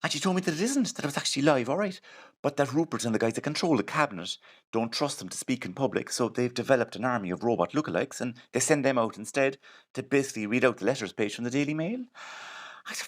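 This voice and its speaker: Lively fast-talking Irish man. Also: mid-range voice. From Ireland. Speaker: comedian. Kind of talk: comic monologue to camera.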